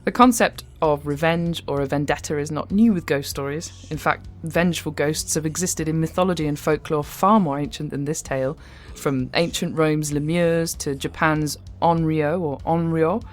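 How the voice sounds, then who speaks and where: A woman's voice: sits low, moderate pace, hardly any pauses, soft background music. An English woman hosting a horror podcast, giving wry, conversational commentary with light humour. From England. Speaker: podcast host. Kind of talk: reflective commentary after a story.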